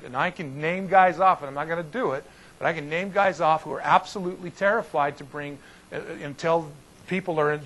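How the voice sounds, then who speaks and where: A male pastor leads an informal Bible study, telling the story in a folksy, lively way and often restarting his sentences. His voice sits fairly high for a man. A faint hiss runs under the recording. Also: poor audio.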